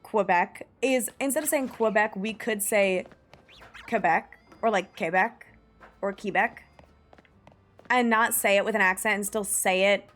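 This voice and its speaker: With a medium-pitched, slightly bright voice, a young American woman talks at a moderate pace and barely pauses. It's casual gaming-stream chatter, enthusiastic and meandering, full of "like" and a swear here and there, over faint game music.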